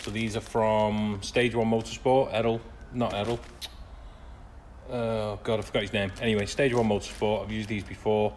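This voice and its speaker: A man's voice: fairly low pitch, little pitch movement, moderate pace, a little mellow, slight background noise. Dry, sarcastic man in a workshop. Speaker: classic car restorer. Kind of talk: workshop vlog narration.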